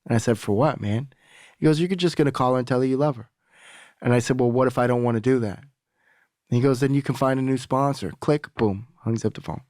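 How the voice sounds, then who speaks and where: A man's voice: medium pitch, fast, long pauses, darkish tone, dry recording, studio quality. A young adult man, a podcast guest, telling a candid personal story in casual talk, swearing freely and acting out the voices of people he quotes.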